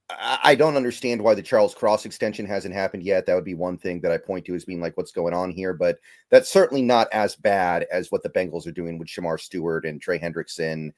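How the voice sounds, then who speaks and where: A man hosting a casual sports talk stream, thoughtful with stammering restarts. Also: low voice. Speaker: podcast host.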